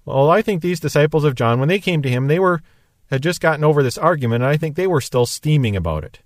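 A man's voice: a little high, expressive, fast talker, no room sound, studio quality. A man teaching verse by verse from the Bible, explaining in a musing, conversational way.

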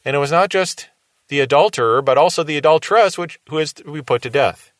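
A man's voice: fairly high pitch, fast talker, dry recording. Earnest man teaching scripture on radio. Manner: earnest, reasons with rhetorical questions.

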